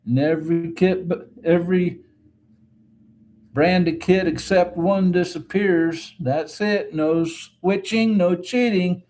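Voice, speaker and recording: Slow, relaxed man reading live chat. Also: sits high. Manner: reads chat comments aloud and answers them, relaxed and chatty. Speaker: live stream host reading viewer chat. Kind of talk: casual chat.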